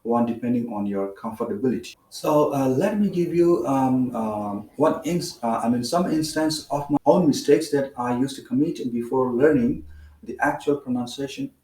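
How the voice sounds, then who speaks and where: Indian-accented male tutor, mellow tone, mic off at a distance, roomy echo, light hum. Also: mid-range voice. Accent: Indian English. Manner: measured, explanatory with frequent "uh" fillers. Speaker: English teacher. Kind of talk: spoken English lesson.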